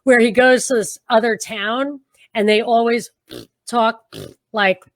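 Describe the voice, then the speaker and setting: A Brooklyn-accented woman, a radio host appearing as a podcast guest, tells stories animatedly and laughs readily in a casual chat over a video call. Her voice runs on the high side, and there's no room sound.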